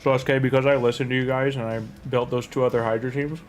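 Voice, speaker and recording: A man's voice: mid-range voice, flat delivery, fast. A man casually commenting a live game stream in a chatty, rambling way, talking to his chat and laughing easily.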